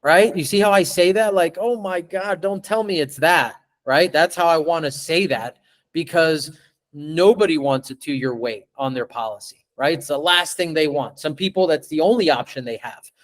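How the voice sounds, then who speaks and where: A man running a live sales training on a video call, animated, stretching and repeating words as he acts out pitches to a client. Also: moderate pace.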